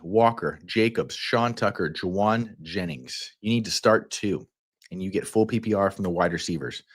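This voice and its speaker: Southern male stream host, low-pitched, goofy and rambling, quick bursts of energy. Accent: Southern American. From Kentucky. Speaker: fantasy football livestream host. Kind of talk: casual livestream talk.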